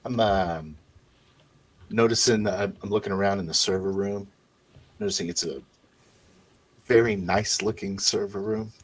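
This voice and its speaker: Brief: low, husky male voice, unhurried and hesitant, narrating his character's search. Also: fairly even intonation. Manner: slow, hesitant, many fillers. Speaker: player. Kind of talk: tabletop game play, describing actions.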